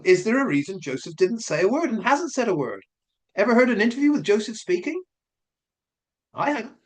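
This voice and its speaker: Guy vlogging his take, lively up-and-down voice, keeps asking why and going over it again. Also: high-pitched, fast. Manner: questioning, speculative, repeats points. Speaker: commentary vlogger. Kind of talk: casual spoken commentary.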